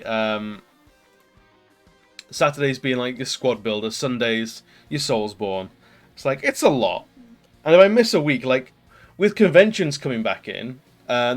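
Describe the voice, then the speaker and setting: A British man live streaming, chatting casually with viewers and rambling with lots of ums and likes. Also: mid-range voice.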